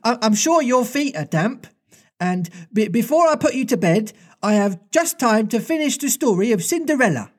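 A man's voice: extremely high pitch, very animated, moderate pace, voice pushed up, exaggerated voice. A man voicing a polite, earnest young girl in a storybook reading, with a raised, fluting voice and a little stammer.

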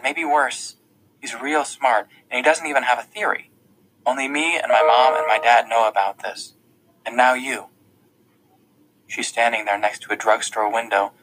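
A man's voice: medium pitch, fairly bright tone, husky, low-quality recording. A man reading a novel aloud in the first person, in a plain conversational storytelling manner. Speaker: audiobook narrator.

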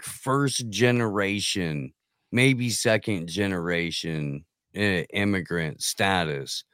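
A man in casual podcast chat who gives blunt opinions in halting bursts full of fillers. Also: medium pitch, fairly bright tone, dry recording, clean studio sound.

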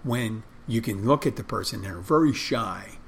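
A man's voice: fairly low pitch, expressive, moderate pace, a little hiss or hum. A man who works as a restaurant server and bartender, talking casually about how he deals with customers and acting out how he greets them. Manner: conversational, acts out his own greetings to customers. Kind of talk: casual storytelling monologue.

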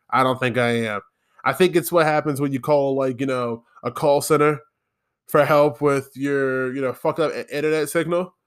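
A man hosting a casual solo podcast, rambling sarcastically, with plenty of fillers and repeated words. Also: on the high side. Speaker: podcast host.

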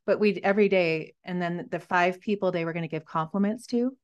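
A woman in her forties, a mother and interview guest, talking in a rambling, halting but enthusiastic way. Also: on the low side, highs cut off. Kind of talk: conversational interview.

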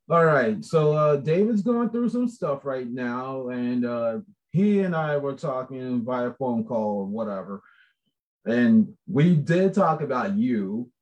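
A man talks casually about a shared book project, rambling from thought to thought. He is animated and laughs often. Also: mid-range voice. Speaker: book contributor. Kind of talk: casual chat.

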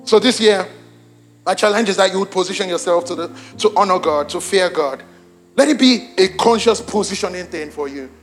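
A young man preaching a sermon to his congregation, animated, swinging between loud exclamations and hushed emphasis, repeating lines for emphasis. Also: sits high. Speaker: pastor. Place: church auditorium with congregation.

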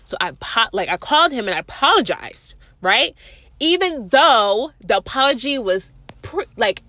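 A young woman telling a storytime rant to her viewers, animated, sarcastic and full of swearing. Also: on the high side, moderate pace, dry recording, studio quality. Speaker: vlogger.

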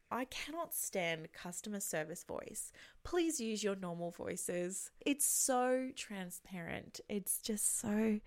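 Gravelly woman chatting. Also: medium pitch, lively intonation, takes it slowly. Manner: chatty and candid, swears freely, drops into whispered asides. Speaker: podcast host. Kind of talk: casual solo podcast chat.

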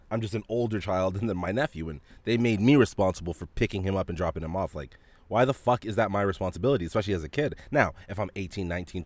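A male podcast host telling a story as a profane, animated rant, coughing now and then from a dry throat. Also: deep voice, no room sound. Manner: profane, animated, frequent restarts.

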